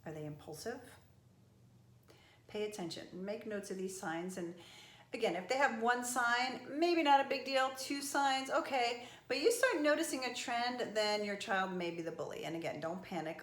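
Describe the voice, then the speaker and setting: A woman's voice: mid-range voice, normal speed. A middle-aged woman motivational speaker giving earnest, emphatic advice straight to camera. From from an Italian family. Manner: earnest and emphatic, with animated outbursts. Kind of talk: direct-to-camera advice talk. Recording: echoey room.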